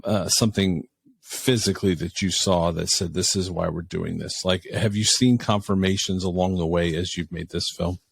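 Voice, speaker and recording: A man's voice: low-pitched, gravelly, breathy edge, no echo. A man hosting a podcast interview, rephrasing his question several times as he searches for the words. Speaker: podcast host. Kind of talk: casual interview chat.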